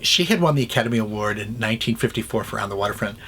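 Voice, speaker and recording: Animated man retelling a classic film. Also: on the low side, rapid-fire, a little hiss or hum. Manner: animated retelling, acting out lines. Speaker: classic movie reviewer. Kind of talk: chatty film review.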